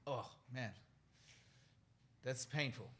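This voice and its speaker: A British man in his forties, a podcast guest speaking in an earnest, soft-spoken and reflective way. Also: medium pitch, slow pace, a little hiss or hum. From United Kingdom. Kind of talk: reflective interview conversation.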